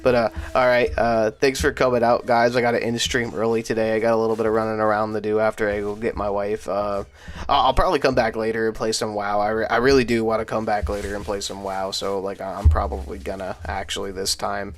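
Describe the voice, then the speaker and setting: Young guy streamer, lowish voice, rambly, cusses a ton, keeps stumbling over his words. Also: level tone, fairly quick. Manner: rambling, swears a lot, stumbles and repeats words. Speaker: livestream host. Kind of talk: casual chat.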